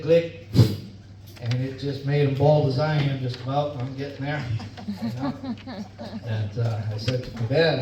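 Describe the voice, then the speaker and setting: A middle-aged man performing a stand-up comedy set on stage, telling folksy stories and laughing at his own jokes. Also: mid-range voice. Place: club or bar stage. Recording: echoey room, distant mic, dull, noisy.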